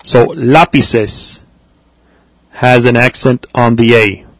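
A man from America, teaching a class, talking haltingly with many fillers and repeats. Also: medium pitch, no room sound, low-quality recording. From Latin America. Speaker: Spanish teacher. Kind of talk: classroom language lesson.

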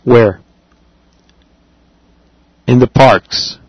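A man teaching a language class, patiently explaining and repeating phrases slowly for his students. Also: mid-range voice, slightly rough, dry recording, muffled recording. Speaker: Spanish teacher.

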